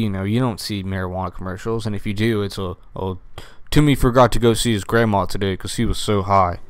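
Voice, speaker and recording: A man's voice: on the low side, fairly bright tone, clean tone. A young man from the United States ranting casually to camera, profane and rambling with lots of fillers. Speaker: vlogger.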